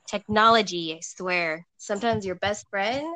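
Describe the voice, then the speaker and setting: A woman's voice: medium pitch, takes it slowly, bright, forceful tone, no room sound. A woman co-hosting a podcast over an online call, chatting easily, giggling and reading listener prompts aloud. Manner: giggly, easygoing. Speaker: podcast co-host.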